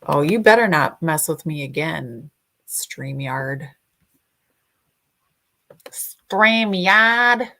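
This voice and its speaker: A woman's voice: low voice, lively intonation, takes it slowly. A woman hosting a casual livestream, chatting and greeting viewers by name, sometimes singing a snippet. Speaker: livestream host.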